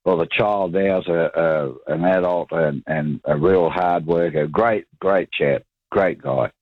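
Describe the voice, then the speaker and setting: A man's voice: low-pitched, unhurried, dry recording. A man calling into a radio show, speaking earnestly with hesitant restarts over a tinny phone line. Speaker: radio caller. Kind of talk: phone-in chat.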